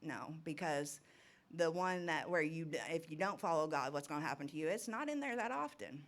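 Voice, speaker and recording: A woman's voice: low-pitched, lively intonation, brisk. A middle-aged woman giving an informal, rambling testimony talk at a recovery ministry, nervous and laughing often.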